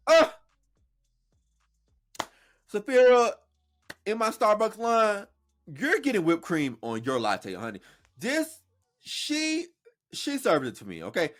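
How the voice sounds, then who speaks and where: Animated, sassy male podcast host. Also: high-pitched. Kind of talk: casual reaction commentary.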